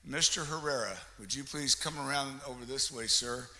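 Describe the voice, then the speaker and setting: Speaking at a moderate pace in a medium-pitched, pushed, bright voice, a man runs a live chamber of commerce meeting. He chats and jokes with attendees while distributing door prizes and introducing a guest, the hall echoing with faint noise in the background.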